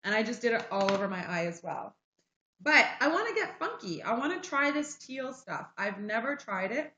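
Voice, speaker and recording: A woman's voice: fairly high pitch, very animated, moderate pace, bright, forceful tone, a little hiss or hum. A woman from Montreal with a light Québécois French accent chats her way through a makeup livestream. She pokes fun at herself as she goes. The sound is dull and lo-fi, in an echoey room. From Montreal, Canada. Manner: chatty, self-mocking, joking. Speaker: livestream host. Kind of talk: casual makeup livestream chat.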